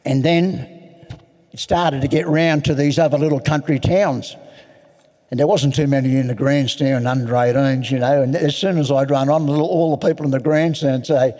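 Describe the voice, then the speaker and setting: Older aussie bloke telling his story frank and dry, mellow low voice, big echoey hall. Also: steady tone, moderate pace. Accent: Australian. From Australia. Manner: plain-spoken storyteller, frank and self-mocking. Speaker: AA convention speaker. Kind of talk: personal recovery story told to an audience. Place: large hall. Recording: long hall reverb.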